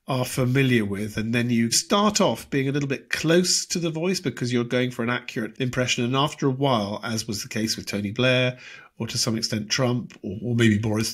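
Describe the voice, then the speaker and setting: A man's voice: mid-range voice, breathy edge. A man, a guest impressionist, chatting in an interview and slipping into voices mid-sentence. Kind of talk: casual interview chat.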